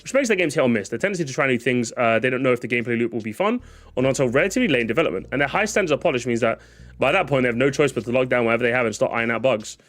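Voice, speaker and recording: A man's voice: medium pitch, expressive, rapid-fire, a bit bright. A young man streaming a casual reaction to comments, sarcastic and jokey, often stammering and restarting his sentences.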